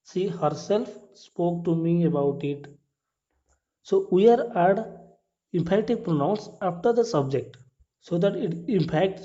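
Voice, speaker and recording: A man walks through English grammar rules, repeating each point and asking his listeners whether it is clear. His English is non-native, with small grammar slips. His voice sits a little high and mellow, on a dull lo-fi recording. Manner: explains step by step, repeats points, asks "clear?". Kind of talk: classroom grammar lesson.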